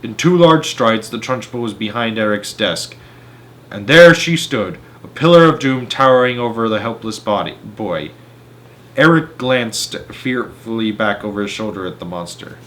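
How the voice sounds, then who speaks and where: A man reading a children's book aloud, animated, often stumbling and correcting himself. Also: fairly low pitch, normal speed. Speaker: storyteller.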